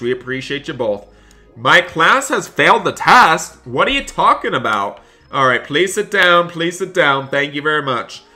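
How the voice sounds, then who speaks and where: A man's voice: medium pitch, sharp tone. A man doing in-character game roleplay commentary as a teacher, exasperated and constantly talking to viewers. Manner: exasperated, keeps addressing viewers as "you guys". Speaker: gaming roleplayer.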